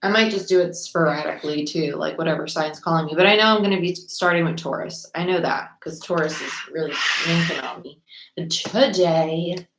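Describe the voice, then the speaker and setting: A young woman with a fairly low voice that sounds a little worn, as if she is losing it. She chats in a bubbly, rambling way, greeting viewers by name. The room is echoey, with faint noise underneath. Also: normal speed. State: slightly losing her voice. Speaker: tarot reader livestreaming. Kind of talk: casual livestream chat.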